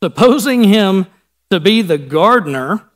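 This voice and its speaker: Pastor, male, Midwestern American accent, high voice, chatty sermon delivery that slips into voices for the Bible scenes. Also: expressive, unhurried. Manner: conversational, acts out Bible scenes in casual voices.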